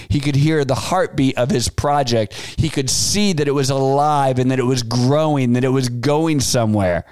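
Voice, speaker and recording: A man in his forties hosting a business podcast, telling stories in a casual, animated way and acting out the quotes, with frequent fillers. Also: medium pitch, normal speed, few pauses, clear, resonant tone, no echo. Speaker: podcast host. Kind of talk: casual advice talk.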